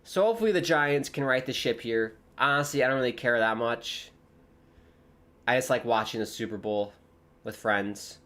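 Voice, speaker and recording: A young man from the United States hosting a live football watchalong, chatting casually and joking, with sudden excited shouts. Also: mid-range voice, moderate pace. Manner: rambling, jokey, breaks into excited shouts. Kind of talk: casual live commentary and chat.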